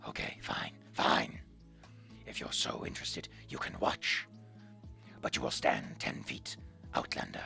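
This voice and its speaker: A streamer voicing a gruff young female dark elf artist, speaking curtly in a gravelly whisper. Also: very deep voice, animated, unhurried, long pauses, soft background music, voice pushed down, full character voice. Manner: curt, guarded.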